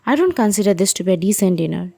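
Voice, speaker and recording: A woman's voice: medium pitch, expressive, rapid-fire, vocal fry, warm tone, dry recording. A woman voicing a protective mother who worries about her grown sons, earnest and insistent.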